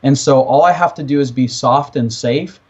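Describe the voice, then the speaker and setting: A male coach explains his ideas in a calm, earnest, steady way, with a voice of ordinary pitch. The recording sounds slightly dull and muffled. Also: normal speed, slightly rough. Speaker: personal coach. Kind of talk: reflective coaching talk.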